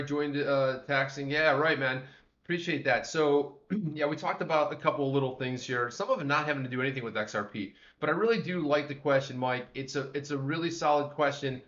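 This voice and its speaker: A man's voice: fairly high pitch, fairly bright tone. Man, livestream co-host, rambling casual chat, roomy sound, dull audio. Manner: chatty, rambling, greets viewers by name.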